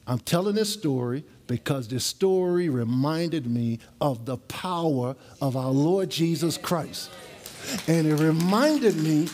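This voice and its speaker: A middle-aged male pastor delivering a sermon to his church, telling stories and jokes in a conversational way and stretching out key phrases slowly for emphasis. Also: on the high side, darkish tone. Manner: conversational storytelling preaching with jokes; slow, emphatic drawn-out phrases. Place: church service with congregation.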